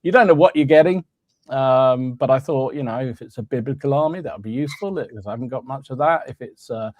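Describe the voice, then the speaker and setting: A man's voice: mid-range voice, a little mellow, dry recording. A man hosting a live hobby podcast, chatting casually, greeting viewers by name and laughing often. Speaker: podcast host. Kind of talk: casual live-stream chat.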